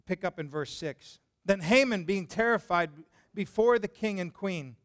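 A pastor preaching a sermon, animated and conversational, who asks his listeners questions as he tells the story. His voice is high for a man and smooth, with a resonant tone. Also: measured pace.

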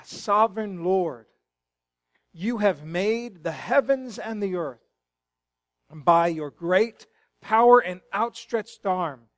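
A middle-aged male pastor giving a sermon in a church, moving from quiet, hushed storytelling to loud, fervent exclamations. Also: sits high, dry recording. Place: church sanctuary.

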